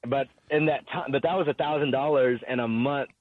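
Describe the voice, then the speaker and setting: A man's voice: medium pitch, fairly quick, no echo. A man guest telling his story casually, acting out quoted talk with lots of fillers. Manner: animated storyteller, acts out quotes, frequent fillers. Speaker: podcast guest, fighter and businessman. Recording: tinny phone-like line.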